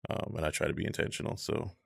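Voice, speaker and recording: A man in his thirties in a casual conversation, talking in a measured, reflective way with many fillers. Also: extremely low pitch, fairly even intonation, creaky. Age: 30s.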